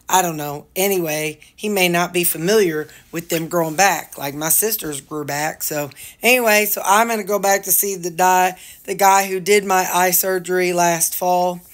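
Rambling woman. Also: lowish voice. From Missouri. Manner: rambling, many fillers and asides. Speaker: vlogger. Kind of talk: casual chat to camera. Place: her home.

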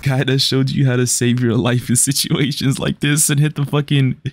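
A man's voice: mid-range voice, level tone, moderate pace, a little hiss or hum. A young man hosting a reaction video, rambling in casual profane slang. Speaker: reaction channel host.

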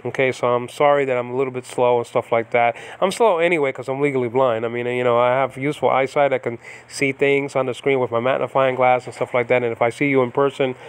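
A man's voice: mid-range voice, steady tone, quick pace, hardly any pauses, clear, resonant tone. Middle-aged man, Bible teacher, casual home lesson, rambling with fillers and restarts. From United States. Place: home in the Philippines.

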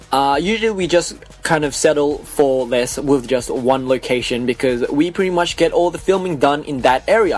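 A young man with an Australian accent hosting a casual radio chat, full of fillers and quick laughs. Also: on the high side. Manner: chatty, laughs often, many fillers. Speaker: radio host.

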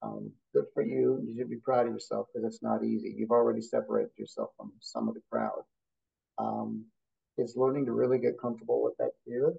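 A man's voice: medium pitch, big pitch swings, a little fast, gravelly, mellow, husky, lo-fi sound. A man, a therapist guest, talking bluntly and telling stories in a casual interview. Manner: blunt, storytelling, competitive.

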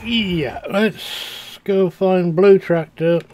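A man's voice: high voice, very slow, darkish tone. An older man, chatting casually and telling rambling stories while he streams a farming game.

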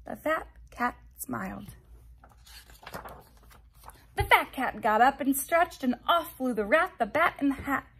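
Woman teacher, story read-aloud; high, animated, breathy delivery. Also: unhurried, long pauses, a little hiss or hum. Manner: sing-song, expressive storytelling. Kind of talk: reading a children's picture book aloud.

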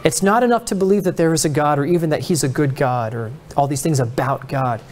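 A man's voice: fairly high pitch, fairly quick, a little mellow. A male pastor teaching a Bible study in an earnest, conversational preaching style, acting out the people he describes. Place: church.

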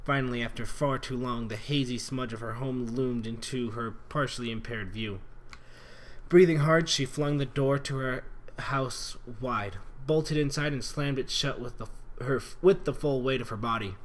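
A man's voice: mid-range voice, normal speed. A man reading fan fiction aloud in an earnest, dramatic way, stumbling over words and rereading lines. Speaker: reader.

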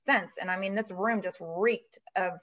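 A woman guest speaking as a financial advisor, telling a long story in a chatty, animated way with many fillers. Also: medium pitch, normal speed, highs cut off, noisy background. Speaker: guest, virtual CFO. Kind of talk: casual storytelling interview.

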